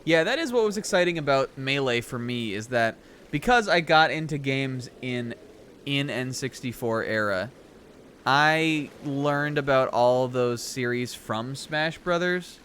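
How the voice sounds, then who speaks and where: Reacting excitedly to what happens in the game he's streaming, a young man rambles casually, filling his talk with fillers and laughing asides. He speaks a little slowly in a medium pitch, with slight background noise.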